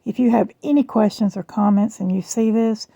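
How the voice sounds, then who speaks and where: Middle-aged Southern woman, talkative and self-mocking, strained rough voice, dry sound. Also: mid-range voice, fairly even intonation, normal speed, dark tone, no room sound. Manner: chatty, rambling, self-deprecating. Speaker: jewelry vlogger. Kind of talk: casual chat. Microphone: phone camera.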